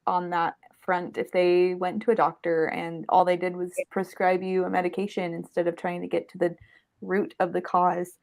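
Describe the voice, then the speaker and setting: A woman's voice: lowish voice, flat delivery, normal speed, vocal fry, a little mellow. A woman hosting a casual live show, chatty and laughing often. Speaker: host.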